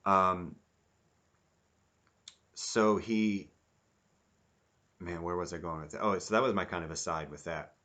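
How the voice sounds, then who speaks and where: A man giving a rambling, casual review, animated and acting out quotes in mock voices. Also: low voice, measured pace, pauses often. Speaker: YouTube reviewer.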